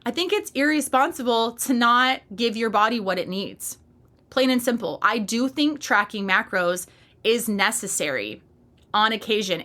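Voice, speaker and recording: A woman's voice: fairly high pitch, a bit bright. A woman in her thirties hosting a solo fitness podcast, talking in a passionate, emphatic and candid way with casual swearing. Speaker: podcast host and fitness coach.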